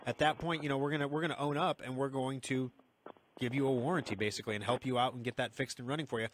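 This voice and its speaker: A man hosting a radio call-in show, talking briskly and reassuringly in casual chat with a caller. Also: medium pitch, fairly even intonation, slight background noise.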